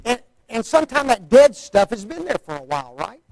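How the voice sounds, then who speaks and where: A man's voice: very high-pitched, big pitch swings, fairly quick, a little mellow, rough recording. A man preaching a sermon in a folksy, conversational way, often asking the listeners rhetorical questions.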